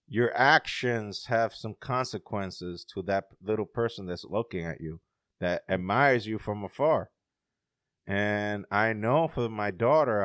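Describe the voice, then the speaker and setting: Male co-host, swears freely, animated storyteller, dry close recording. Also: on the low side, clear, resonant tone, no echo. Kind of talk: casual chat.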